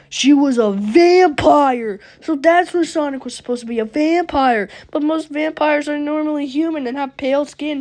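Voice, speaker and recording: A woman reading a creepypasta casually, giggling and breaking off to comment on the story. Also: medium pitch. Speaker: creepypasta narrator.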